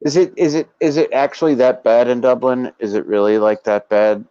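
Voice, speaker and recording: A man's voice: medium pitch, steady tone, brisk, mellow, smooth, no room sound, lo-fi sound. A man hosting a casual chat, telling laid-back, profane anecdotes. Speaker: podcast host.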